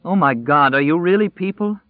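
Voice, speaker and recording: A man voicing an overwrought young woman, tearful with relief, speaking in a high, choked, gushing voice. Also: animated, fairly quick, no room sound, close to an everyday voice. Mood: overjoyed. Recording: dry, tinny phone-like sound.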